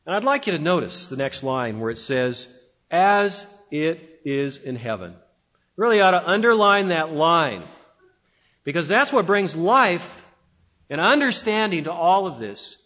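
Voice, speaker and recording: A pastor preaching a sermon with emphatic delivery and dramatic pauses. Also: male voice, a little high, big pitch swings, pushed and bright, muffled recording.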